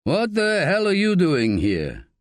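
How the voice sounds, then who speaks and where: A man's voice: high voice, huge pitch swings, slow, no echo, clean studio sound, voice pushed up, exaggerated voice. A man voicing an indignant, defensive male landlord speaking through an intercom.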